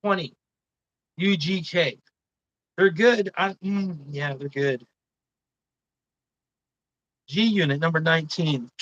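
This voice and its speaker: A woman's voice: sits low, takes it slowly, pauses often, dull audio. A woman hosting a live stream, chatting casually and swearing a lot as she gives blunt, indignant opinions.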